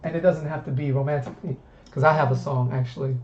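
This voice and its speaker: A southern US man hosts a casual talk stream, rambling easily and repeating words as he goes. He talks fast in a medium-pitched, darkish voice with fairly even intonation, and the stream audio is muffled with faint hiss.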